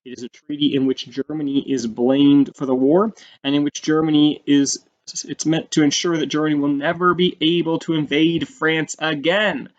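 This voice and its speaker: A man's voice: a little high, moderate pace. Casual male teacher explaining history. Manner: casual, animated, with fillers and acted-out quotes. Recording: slightly dull lo-fi audio.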